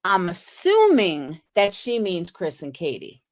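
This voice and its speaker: A woman's voice: on the low side, wildly swooping pitch, a little slow, a little mellow. A woman hosting a casual livestream, chatting skeptically with viewers and reading messages aloud. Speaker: livestream host.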